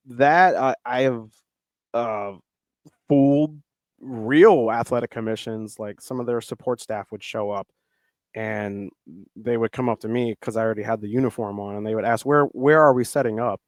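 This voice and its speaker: A man's voice: medium pitch, steady tone, moderate pace, darkish tone, no echo. A middle-aged man, a wrestler, chatting as a podcast guest and telling stories in a loose, rambling way full of fillers and restarts. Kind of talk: casual podcast conversation.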